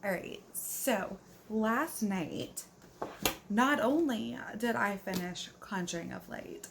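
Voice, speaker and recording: A woman book vlogger talks in an unhurried, easygoing way, gushing over what she has read. She fills her casual chat with "like" and sounds relaxed rather than polished. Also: mid-range voice, creaky, background noise. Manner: chatty and gushing, fills speech with "like"; yawning, talking at bedtime. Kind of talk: casual reading vlog chat.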